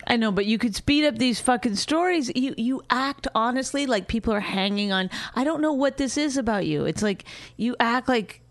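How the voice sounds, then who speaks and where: A woman's voice: fairly high pitch, lively intonation, moderate pace, few pauses, dry recording. A woman comedian co-hosting a podcast, teasing and mocking with a sarcastic, profane edge. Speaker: podcast co-host. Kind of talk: casual comedic banter.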